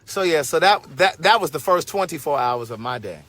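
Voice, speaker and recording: A man in his forties tells a story to his viewers on a casual livestream. His voice is fairly high and very bright. He talks in an animated, sassy way and keeps turning aside to speak to his audience. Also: a little fast. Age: 40s. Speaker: host telling a story to viewers.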